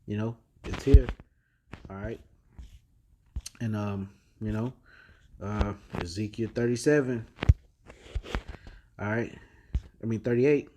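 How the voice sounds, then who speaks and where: A man's voice: on the low side, steady tone, measured pace, long pauses, warm tone. A man gives a loose, rambling commentary on the news, full of slang and fillers. He stops often to restart his sentences. Now and then he reads headlines and scripture aloud. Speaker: religious video host.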